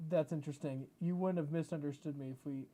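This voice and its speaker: A man's voice: fairly high pitch, fairly even intonation, a little fast, warm tone. Rambling American streamer guy. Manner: rambling and chatty, often reading chat aloud. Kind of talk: casual live-stream chat. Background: background music.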